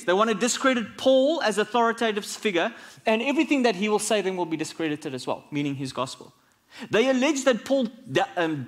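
Male pastor, high tenor, storytelling sermon delivery with halting restarts. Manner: storytelling preacher, drops his voice low for quotes, many restarts.

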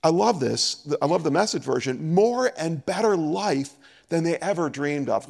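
A man preaching a sermon as a pastor, animated and acting out scripture dialogue. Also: fairly high pitch, moderate pace, vocal fry, in a large hall.

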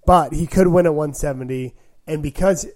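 A man with a fairly high but mellow, warm voice co-hosts a casual sports chat. He reacts quickly and reasons out loud through possible scenarios. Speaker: podcast co-host.

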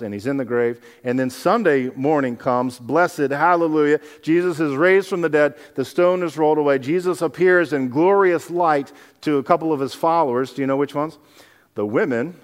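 A man, a pastor, preaching a sermon, animated and acting out scenes from the Bible in other people's voices. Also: mid-range voice, long reverb tail.

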